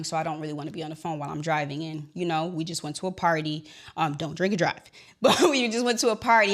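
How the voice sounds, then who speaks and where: A young woman with a slightly low voice hosts a podcast and tells a personal story. Her delivery is animated: she acts out the conversations and turns to address her listeners directly, as if talking to friends. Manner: animated, reenacts dialogue, addresses listeners as y'all. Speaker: podcast host.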